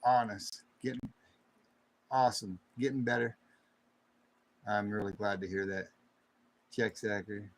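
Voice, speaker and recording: A man hosting a late-night livestream chat in a folksy way, greeting viewers with loud whoops. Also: fairly low pitch, little pitch movement, unhurried, pauses often, low-quality recording. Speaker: livestream host. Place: home studio with air conditioner running. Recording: faint air conditioner hum.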